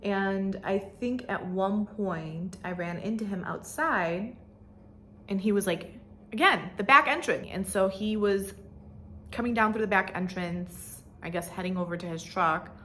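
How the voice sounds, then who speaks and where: A woman in her twenties telling an animated, slangy story while getting ready, swearing freely and mimicking the people in it. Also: mid-range voice, a little slow, slight background noise. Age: 20s. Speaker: vlogger. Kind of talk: get-ready-with-me storytime chat.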